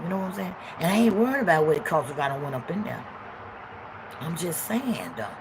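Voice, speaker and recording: A woman's voice: fairly low pitch, big pitch swings, fairly quick. Lady preaching on a phone live, emphatic, keeps saying right?, bit of background hiss. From Chicago. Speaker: livestream host. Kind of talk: motivational livestream talk.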